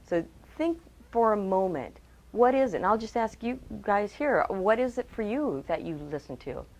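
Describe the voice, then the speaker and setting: Woman trainer talking to a group, lively, asks the room questions, middle pitch. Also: normal speed. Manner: lively, acts out quotes in changed voices; asks the audience direct questions. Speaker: communication trainer. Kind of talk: training webcast talk.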